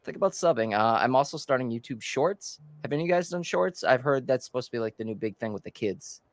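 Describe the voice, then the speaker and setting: A man's voice: mid-range voice, expressive, fast, no room sound. A man hosting a casual book club chat online, loose and joking, with lots of filler words. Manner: loose, joking, says "like" a lot. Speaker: podcast host.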